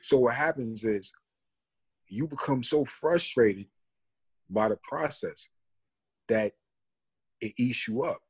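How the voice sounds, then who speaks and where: A man's voice: mid-range voice, slow pace, pauses often, breathy edge. A man, earnestly telling a story and reflecting on it in a casual podcast talk. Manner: earnest, reflective, builds an argument. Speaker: podcast co-host.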